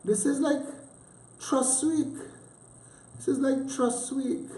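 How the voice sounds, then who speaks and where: A man's voice: extremely high pitch, steady tone, takes it slowly, mellow. A Trinidadian man hosting a livestream, chatting casually with teasing, sarcastic asides and heavy dialect. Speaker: livestream host. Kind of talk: casual rambling commentary. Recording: roomy echo.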